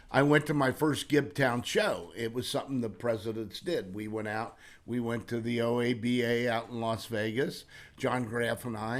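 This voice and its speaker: A man's voice: mid-range voice, a bit bright. Older man, laughing storyteller host. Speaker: podcast host. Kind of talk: casual interview chat.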